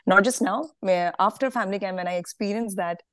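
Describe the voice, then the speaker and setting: A woman's voice: mid-range voice, fairly quick, a bit bright, no room sound. Earnest Indian woman sharing a testimony. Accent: Indian English. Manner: earnest, emotional, many fillers and restarts. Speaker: participant sharing a devotional experience. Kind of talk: personal testimony on a video call. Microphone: video call.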